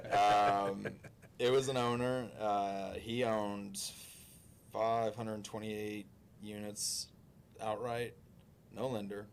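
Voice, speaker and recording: A man's voice: lowish voice, slight background noise. A man in the insurance business telling a work story in a chatty, joking way, with plenty of restarts and asides. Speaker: insurance agent guest. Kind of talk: casual anecdote telling.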